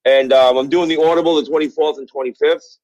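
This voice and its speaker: A middle-aged man tells stories in a rambling, profane way, full of "uh" and "like," at a slightly raised pitch. He is heard over a phone line, dull and muffled at the top end. The sound is dry, with no room around it. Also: fairly even intonation, quick pace, darkish tone, no echo. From Brooklyn, New York. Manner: rambling, profane storytelling with many fillers. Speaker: guest, author. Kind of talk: casual interview chat. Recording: dull phone-call audio.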